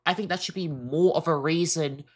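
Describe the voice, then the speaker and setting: A woman's voice: sits low, moderate pace, a little mellow, breathy edge. A woman giving earnest, emphatic reaction commentary, often repeating herself as she makes her point. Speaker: reaction streamer.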